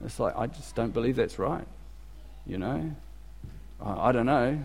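A man playing Miriam, a resentful woman confessing her prejudice in a halting way, in a church with long reverb. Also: mid-range voice, lively intonation, vocal fry, a little mellow, slight background noise, pitched below the performer's own voice. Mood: grudging.

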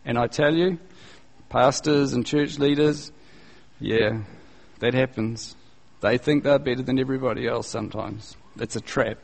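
A male pastor preaching a sermon in a conversational, animated way, using casual slang and acting out the people he quotes. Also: mid-range voice, unhurried, creaky. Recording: long reverb, echoey hall.

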